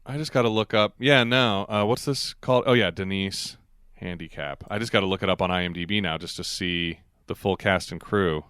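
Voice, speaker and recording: A podcast co-host with a low-pitched, fairly bright, clear and resonant voice talks fairly quickly in studio-quality, echo-free audio. He chats casually and rambles while recapping a TV episode, laughing often and acting out quoted lines.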